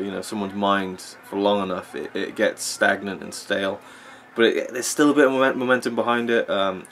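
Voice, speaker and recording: A man with a lowish voice rambles through opinionated wrestling commentary while he watches a match. He loses track of his points and circles back to them, filling his pauses with ums and you-knows. A faint hum of room ambience sits behind him. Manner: rambling, opinionated, with frequent fillers. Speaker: wrestling vlogger.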